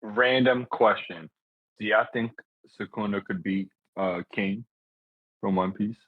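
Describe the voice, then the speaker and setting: A man's voice: lowish voice, takes it slowly, no echo. A man co-hosting a podcast, asking hesitant questions in casual chat over dull lo-fi audio. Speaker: podcast co-host.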